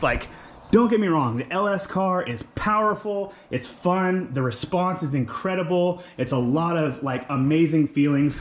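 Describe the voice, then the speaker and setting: Young adult man, casual car vlog, enthusiastic, lots of fillers, mid pitch, faint background noise. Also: a bit bright. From California. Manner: enthusiastic, filler-heavy, talks with his hands. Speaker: car vlogger.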